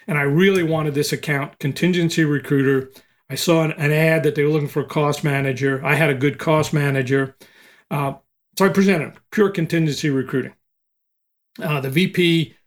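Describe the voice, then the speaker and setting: Older male podcast guest, lively storyteller with a fairly high voice. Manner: animated storyteller, acts out quotes. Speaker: recruiting expert guest.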